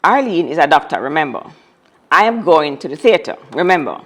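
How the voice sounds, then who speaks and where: A woman guest recounts a personal story, and her voice sits on the lower side. She tells it dramatically and repeats key phrases to drive them home. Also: sing-song, fairly quick, a bit bright. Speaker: interview guest. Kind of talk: telling a personal story in conversation.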